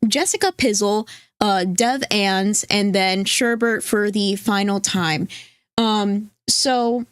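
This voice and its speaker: A woman's voice: a little high, no room sound, studio quality. A woman co-hosting a casual livestream, chatting and reading viewer names off a list. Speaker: stream co-host.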